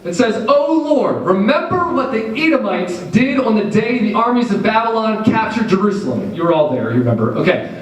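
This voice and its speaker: Male preacher, 30s, high voice, animated and jokey, distant and very echoey hall sound. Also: brisk. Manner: animated, jokey, acts out quoted people. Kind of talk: sermon. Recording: echoey hall, far from the mic.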